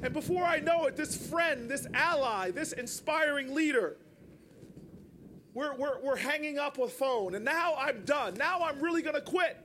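A man giving a storytelling speech to an audience. He talks in an animated way, sometimes raises his voice, and repeats words. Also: extremely high pitch, normal speed, a little hiss or hum. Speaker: public speaker.

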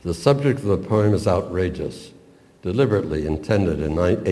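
An older man giving a measured, professorial talk on a poem, with small stumbles now and then. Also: deep voice, dark tone. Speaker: literature lecturer. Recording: long reverb, roomy hall.

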